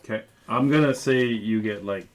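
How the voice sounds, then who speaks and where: A man running a tabletop game as game master, giving steady, matter-of-fact rulings. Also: on the low side, normal speed, slight background noise.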